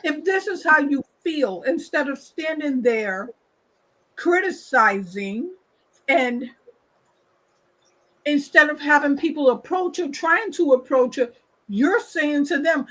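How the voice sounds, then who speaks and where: A woman's voice: sits high, lively intonation, slow pace, a bit bright, poor audio. A woman hosting a talk show, giving her opinion in an emphatic casual way and repeating her points. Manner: emphatic, repeats points, acts out quoted people.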